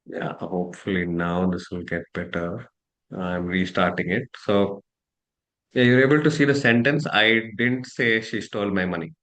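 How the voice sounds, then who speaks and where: Reflective coach asking rhetorical questions. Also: male voice, low voice, normal speed, a bit bright. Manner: reflective, many rhetorical questions, frequent uh fillers. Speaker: coach and workshop leader. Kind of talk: online coaching lesson.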